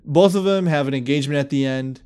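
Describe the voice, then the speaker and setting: Young guy podcast host, smooth clear voice, swears a lot, acts out every quote. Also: a little high, fast. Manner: animated storyteller, swears freely, acts out quotes. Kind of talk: casual chat.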